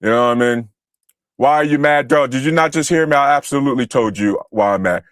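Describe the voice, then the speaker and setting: Fast-talking and medium-pitched, an American man on a livestream lashes out at his chat in an angry, profane rant aimed at commenters. The audio is clean studio sound with no room noise.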